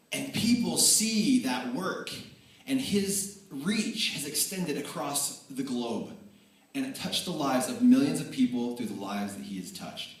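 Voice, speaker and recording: A man giving a tribute speech at a banquet, telling energetic, animated stories that swing between excited and earnest. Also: medium pitch. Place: large banquet hall. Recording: echoey hall, voice from far off.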